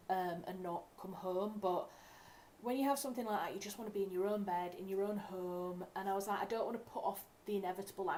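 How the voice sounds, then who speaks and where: A woman's voice: medium pitch, darkish tone, slight background noise. Chatty woman rambling on a livestream. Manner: chatty, rambling, self-correcting. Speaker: writer hosting a livestream. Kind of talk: casual livestream chat. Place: home room.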